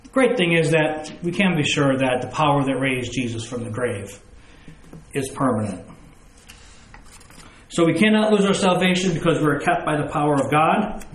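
Male preacher, slightly raised pitch, explaining scripture with homely examples, echoey room. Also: animated, normal speed, slight background noise. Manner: explains with everyday examples and rhetorical questions. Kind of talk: sermon with scripture reading.

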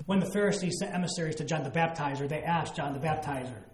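A man's voice: a little high, quick pace, roomy sound. A man preaching a sermon, explaining scripture with emphatic asides and acted-out quotes. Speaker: pastor.

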